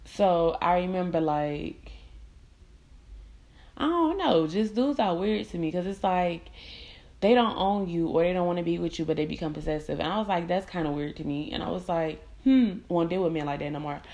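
A woman's voice: fairly low pitch, moderate pace. A young adult woman hosting her own podcast, telling candid, profane stories in casual chat and acting out the people she quotes. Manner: candid, profane, animated storytelling with quoted voices. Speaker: podcast host. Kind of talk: casual storytelling monologue.

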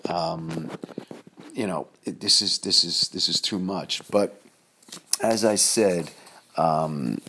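A man's voice: low voice, unhurried, fairly bright tone. A man, telling a rambling podcast story full of fillers and restarts. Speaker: podcast host. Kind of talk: casual storytelling monologue.

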